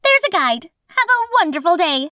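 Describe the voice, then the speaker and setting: Woman doing a chirpy, high campus greeter girl. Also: big pitch swings, normal speed, pushed and bright, no echo, studio quality, full character voice. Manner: bubbly, eager to help.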